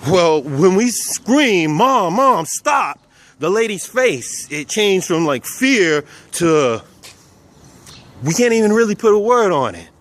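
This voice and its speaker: A man's voice: high voice, very animated, takes it slowly. A man from South Texas casually telling personal stories, speaking of himself as "we" and chuckling now and then. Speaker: vlogger.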